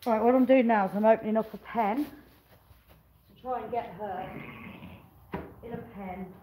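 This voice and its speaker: Her voice a little high and a little slow over a noisy background, a woman vlogs from a sheep pen on her farm. She struggles with a ewe, urging and coaxing it, sighing, swearing, and talking to viewers between efforts.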